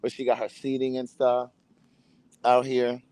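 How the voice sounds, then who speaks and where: The host's voice is mid-range, monotone, and unhurried, darkish and smooth with no echo. He runs his own show, giving flashy scripted promo intros and then chatting loosely on a phone live stream from a friend's backyard.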